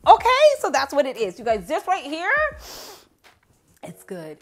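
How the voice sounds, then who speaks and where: A woman vlogger chatting through a casual fragrance review, animated and playful, jumping from loud exclamations to low asides. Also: a little slow. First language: English.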